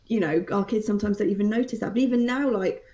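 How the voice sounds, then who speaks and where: Woman, thirties, mellow tone, chatty and self-deprecating storyteller, casual podcast chat. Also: medium pitch, fast talker. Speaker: mother and guest.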